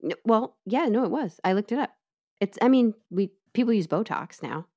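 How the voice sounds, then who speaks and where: A woman casually retelling a true-crime case to her co-host, chatty and lively, with asides. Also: medium pitch, normal speed. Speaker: podcast co-host telling the case.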